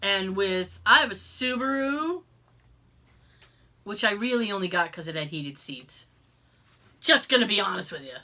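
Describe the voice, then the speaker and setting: A woman co-hosting a podcast, telling a story in casual chat, animated and exasperated, swearing freely and joking. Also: medium pitch, unhurried, pauses often. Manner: jokey, contradicts herself for laughs. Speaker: podcast co-host.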